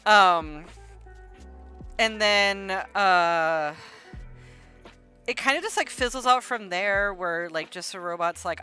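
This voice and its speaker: A woman's voice: lowish voice, measured pace, sharp tone, soft background music. A woman hosting an art livestream, casually retelling online drama in a rambling way full of "like" and "um". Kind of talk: casual gossip storytelling.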